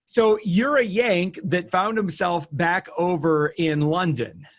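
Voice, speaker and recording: A man's voice: high voice, slow pace. A man from the United States hosting an interview in a chatty way, with a lot of fillers and laughter. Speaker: podcast host. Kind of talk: casual interview chat.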